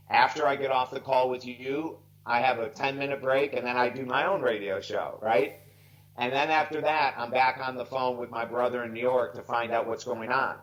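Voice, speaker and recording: A man's voice: medium pitch, normal speed, a bit bright, poor audio. A man in his sixties, a life coach, telling stories earnestly and emotionally, near tears, on a video call. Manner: earnest, heartfelt, emphatic. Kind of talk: earnest storytelling interview.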